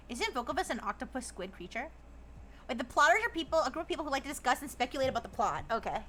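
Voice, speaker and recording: Giggly high-voiced woman streamer. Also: a bit bright, slight background noise. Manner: giggly, reads chat aloud and riffs on it. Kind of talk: casual live-stream chat.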